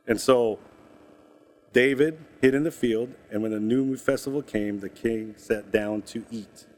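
A man's voice: mid-range voice, a little slow. A man preaching a sermon, reading scripture and explaining it in a casual, conversational way with asides and jokes. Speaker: pastor.

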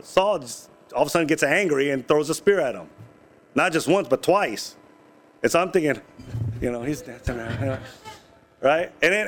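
A man preaching a sermon, reading scripture and explaining it in a casual, conversational way with asides and jokes. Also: on the high side. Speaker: pastor.

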